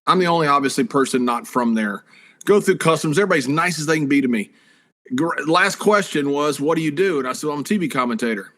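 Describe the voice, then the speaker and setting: Guest storyteller: man, higher-set, bright voice, relaxed anecdotes. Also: fast talker. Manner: animated anecdotes, swearing, acting out voices. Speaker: guest, former wrestler and commentator. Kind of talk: casual storytelling.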